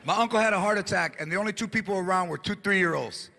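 Animated stand-up comedian. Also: male voice, high voice, fast, creaky, a little hiss or hum. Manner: animated storytelling with Spanish asides. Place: theater stage before a live audience. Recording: live stage with loud crowd.

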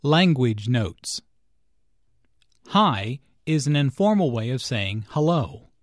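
Male teacher narrator; unhurried, deliberate scripted lesson read in a mid-range voice. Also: mid-range voice, big pitch swings, no room sound, clean studio sound. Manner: slow, deliberate explaining. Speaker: English teacher.

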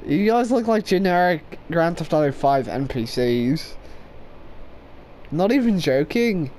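A woman giving loud, profane commentary over gameplay, swearing and laughing often. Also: low voice, animated, measured pace, slight background noise. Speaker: gaming video creator.

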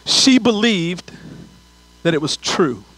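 A man's voice: high-pitched, lively intonation, takes it slowly, fairly bright tone, breathy edge, low-quality recording. A man preaching a sermon as pastor, telling a funny story with asides before turning to scripture.

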